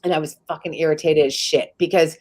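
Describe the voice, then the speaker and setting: Woman from the bay area telling her story on a live interview, lowish voice, super casual, says like a lot and cusses freely. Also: steady tone, a little fast, darkish tone. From San Francisco Bay Area. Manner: casual and candid, frequent "like" and swearing. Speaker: interview guest.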